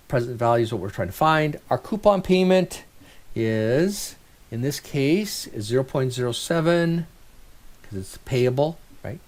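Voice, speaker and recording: Middle-aged male instructor, lively up-and-down delivery, chatty, keeps checking in with the class. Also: mid-range voice. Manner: animated, conversational, thinks aloud with rhetorical checks. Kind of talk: recorded finance lecture.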